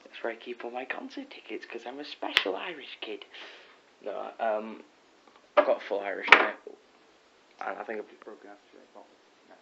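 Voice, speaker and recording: Excitable teenage boy rambling in his bedroom. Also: on the low side, a little fast, creaky. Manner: rambling, excitable, chatty, many ums and self-corrections. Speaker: vlogger. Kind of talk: casual rambling vlog. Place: bedroom at home. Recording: dull lo-fi with faint hiss.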